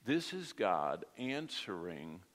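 A man's voice: sits low, big pitch swings, takes it slowly, fairly bright tone, long reverb tail. A man teaching a Bible study lesson, asking the class questions and explaining with everyday comparisons.

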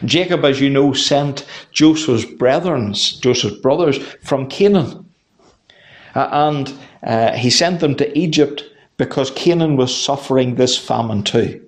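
A man preaching a midweek Bible study sermon in a measured way, with some restarts and fillers. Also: medium pitch. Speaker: pastor.

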